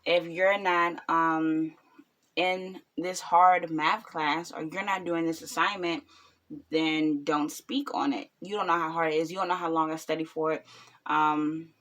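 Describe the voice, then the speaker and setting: Blunt rambling young woman, lowish voice. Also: steady tone, measured pace, fairly bright tone. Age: 20s. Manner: blunt, rambling, frequent ums. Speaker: vlogger and new mother. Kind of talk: casual reaction vlog talk.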